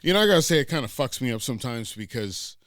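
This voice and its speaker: A man's voice: medium pitch, expressive, quick pace, a bit bright, no room sound, studio quality. A man co-hosting a podcast in casual, profane banter over a video call, laughing often and drifting into playful sing-song. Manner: crude, laughing, playful mock-singing. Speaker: co-host. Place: dim room, on a video call.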